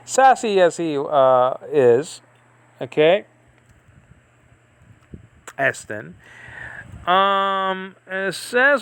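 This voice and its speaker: A man's voice: high-pitched, very animated, slow, pauses often, fairly bright tone, clean tone, dry recording. A man giving a casual, rambling Bible study lesson, thinking aloud with many fillers and asides. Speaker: Bible teacher.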